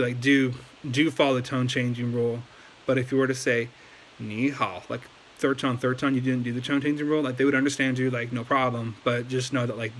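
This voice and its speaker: This male language learning video host speaks with a medium-pitched, somewhat bright voice, with slight background noise. He gives a loose, casual on-camera lesson packed with fillers and restarts, sitting at a desk setup and moving around in his chair.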